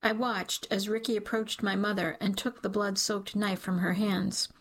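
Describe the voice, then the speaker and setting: A woman reading a dark first-person story aloud in a measured, dramatic way. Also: medium pitch, flat delivery. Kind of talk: scripted audiobook narration.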